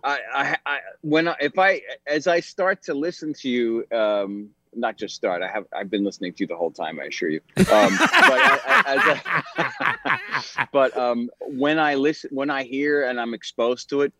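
A man's voice: mid-range voice, brisk, hardly any pauses, fairly bright tone, no room sound. A man, an actor guest on an interview show, who talks thoughtfully and hesitantly, with many fillers. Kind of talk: conversational interview. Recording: slightly dull lo-fi sound.

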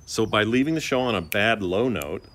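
A middle-aged man co-hosting a podcast, telling stories in a chatty, animated way. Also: fairly low pitch, normal speed. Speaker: podcast co-host. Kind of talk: casual chat.

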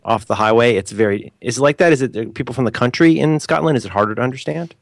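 A man's voice: mid-range voice, fast, vocal fry, no echo, clean studio sound. An American man in casual conversation, asking rambling questions and stumbling over his words. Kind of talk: casual chat.

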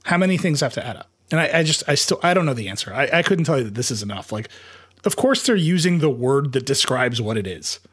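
A man hosting a tech news podcast, talking fast in casual chat, laughing often and restarting his sentences. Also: medium pitch, very animated, a bit bright, breathy edge. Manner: fast, laughing, thinks aloud with many restarts. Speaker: podcast host.

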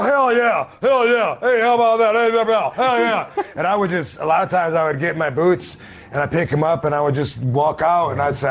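A man in his forties, a guest telling stories in a relaxed, rambling way in a casual podcast interview. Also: medium pitch. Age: 40s. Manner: laid-back, rambling storyteller.

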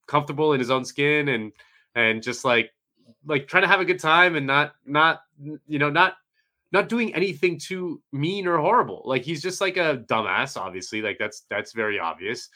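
A man's voice: mid-range voice, lively intonation, moderate pace, sharp tone. A man co-hosting a podcast, rambling with many fillers in laid-back casual talk. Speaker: podcast co-host. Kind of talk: casual chat.

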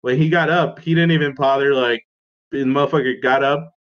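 A man's voice: mid-range voice, fairly quick, muffled recording, a little hiss or hum. A young man casually telling a story as a podcast co-host, acting out the people he quotes in a raised voice. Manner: animated, acts out quotes in a raised voice.

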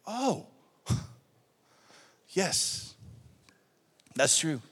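A male pastor preaching a sermon to his congregation, calling out for responses and building excitement. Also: on the high side, normal speed. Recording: long hall reverb.

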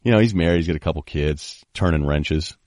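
On a casual sports podcast, a man with a rumbling low voice talks briskly, spinning stories and doing animated impressions of the people he quotes. The studio-quality sound is dry, with no room tone.

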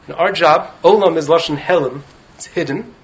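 Animated man teaching, slightly high voice. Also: normal speed, dull audio. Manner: animated, keeps checking in with "right?". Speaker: rabbi teaching in a yeshiva. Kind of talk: Torah talk. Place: study hall.

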